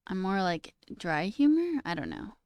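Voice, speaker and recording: A woman's voice: medium pitch, very animated, moderate pace, darkish tone, smooth, no echo. A young woman hosting a livestream in casual chat, talking freely with frequent laughs and plenty of "okay" and "all right". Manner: chatty, laughs often, says okay and all right a lot. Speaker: livestream host.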